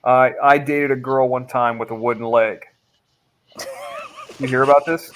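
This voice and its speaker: A man's voice: medium pitch, fairly even intonation, a little slow, fairly bright tone. Rambling, opinionated livestream co-host, a man. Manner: rambling, opinionated, with many fillers. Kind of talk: casual chat.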